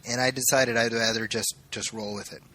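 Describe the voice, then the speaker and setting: A man's voice: mid-range voice, fairly quick. A man co-hosting a podcast, chatting casually about a film and acting out quoted lines as he tells it. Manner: animated storyteller, acts out quoted lines. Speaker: podcast co-host. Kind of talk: casual movie review chat.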